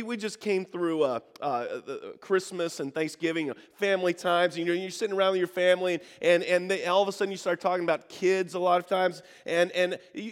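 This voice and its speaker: A male pastor with a high voice preaches in a large hall. He tells stories, acts out the people he quotes, and calls on the congregation to answer back.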